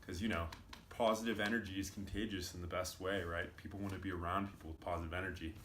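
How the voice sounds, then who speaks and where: A man's voice: deep voice, fairly even intonation, fast, a bit bright. A man giving a loose, casual commentary full of fillers as he explains clips. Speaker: video commentator. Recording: roomy with faint noise.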